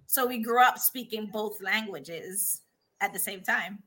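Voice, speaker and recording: A woman's voice: medium pitch, measured pace, sharp tone. A woman from Honduras, a guest candidly telling her life story and often laughing and restarting her sentences. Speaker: podcast guest.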